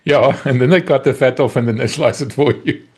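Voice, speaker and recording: A man from South Africa with a South African accent, co-hosting a podcast in casual chat, joking and dropping into quiet low asides. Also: fairly quick, a little hiss or hum. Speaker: podcast co-host.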